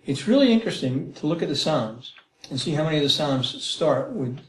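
A middle-aged man teaching the Bible in a conversational way, animated and acting out prayers, often checking in with "Okay?" and "Right?". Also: on the high side, fairly quick, slight background noise. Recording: roomy echo.

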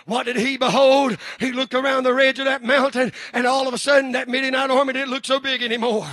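A man preaching a sermon, building to shouted, drawn-out peaks and then dropping low and quiet. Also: flat delivery, dry recording. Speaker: pastor.

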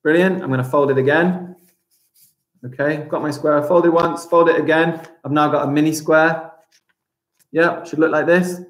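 A man's voice: a little high, steady tone, moderate pace, fairly bright tone. A man teaching a live-streamed primary school craft lesson, chatting as he narrates each step aloud. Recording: roomy echo.

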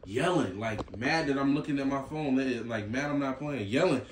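A man's voice: medium pitch, measured pace, slight background noise. A young man hosting a reaction video, telling a story with lots of laughing and swearing and acting out what people said. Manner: animated, laughing, swearing, acts out quotes. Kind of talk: casual storytelling and reaction chat. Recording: echoey room, mic at a distance.

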